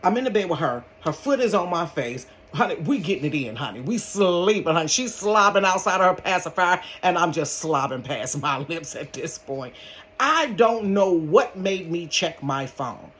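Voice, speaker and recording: An older woman tells a story from her bedroom. She is dramatic and animated and keeps calling her listeners honey and baby. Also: lowish voice, moderate pace, slight background noise. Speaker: vlogger. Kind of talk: casual storytime.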